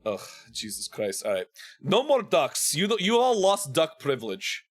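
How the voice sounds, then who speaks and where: A man's voice: on the high side, wildly swooping pitch, a little slow, faint music behind. A man hosting his own game stream, tired after days of streaming, joking and self-mocking as he greets viewers. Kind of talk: casual banter while streaming a game.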